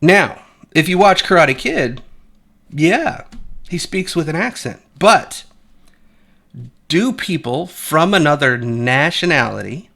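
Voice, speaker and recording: A man's voice: on the high side, expressive, slow pace, vocal fry, long pauses, fairly bright tone. A man giving blunt, profane, opinionated commentary, rambling with frequent restarts. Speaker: commentary channel host.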